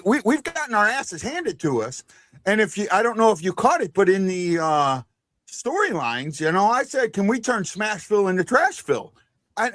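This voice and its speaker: A high, lively male voice bounces across a wide pitch range as he hosts a fan reaction stream with loud enthusiasm. The sound is dry and close, like a remote stream mic with no room around it. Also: no room sound. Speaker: podcast host.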